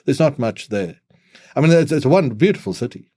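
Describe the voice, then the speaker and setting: Dark-voiced man, dry sound. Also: mid-range voice, expressive, husky, no echo. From South Africa. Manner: measured, repeats words when starting phrases. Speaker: guest analyst. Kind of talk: podcast interview.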